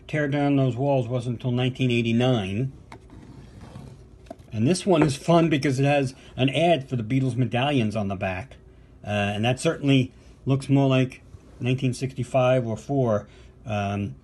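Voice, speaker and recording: This older American podcast co-host has a medium-pitched, darkish voice, recorded with a little background noise. Showing off a box of records from his vinyl collection, he speaks casually and enthusiastically, drifting into asides and fillers.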